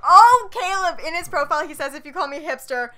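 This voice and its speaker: Giggly high-voiced woman co-host. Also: animated, brisk, bright, forceful tone. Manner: giggly, laughs often. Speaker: podcast co-host. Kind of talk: casual chat.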